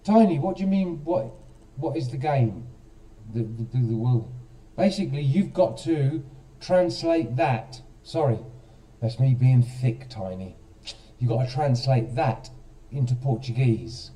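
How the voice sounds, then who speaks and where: A man's voice: mid-range voice, animated, a little slow, mellow, distant mic. A man hosting a casual live stream, chatting straight to viewers and quizzing them, with a self-mocking manner.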